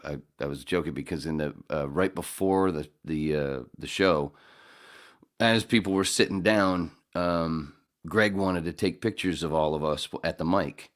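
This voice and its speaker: A middle-aged man hosting a podcast, chatting casually in a rambling, halting, self-deprecating way. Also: deep voice. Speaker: podcast host. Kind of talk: casual chat.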